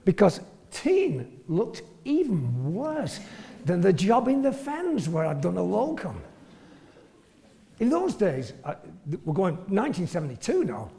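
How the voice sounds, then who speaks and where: A man's voice: sits high, huge pitch swings, a little slow, vocal fry, mellow. A man, a retired family doctor telling self-deprecating, humorous stories to an audience. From northern England. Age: 70s. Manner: self-deprecating, storytelling, chuckles often. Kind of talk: humorous anecdotal speech to an audience. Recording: long reverb from a hall.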